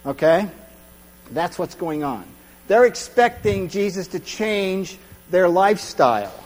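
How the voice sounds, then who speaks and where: A man's voice: high-pitched, sing-song, a little slow, long reverb tail, poor audio. A man giving a conversational sermon as pastor, acting out crowd voices and often checking in with his listeners.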